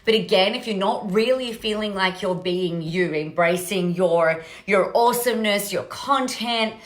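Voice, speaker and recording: A woman's voice: mid-range voice, unhurried. A woman hosting a solo podcast, talking energetically in a rambling, casual way and often checking in with "right?". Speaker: podcast host. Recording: roomy echo.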